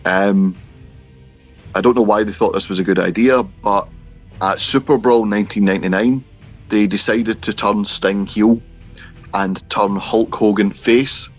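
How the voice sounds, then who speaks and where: Male podcast co-host, low and wry, muffled call audio. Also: fairly even intonation, measured pace, soft background music. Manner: wry storyteller running through events. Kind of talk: casual chat and recap. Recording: dull, lo-fi remote call.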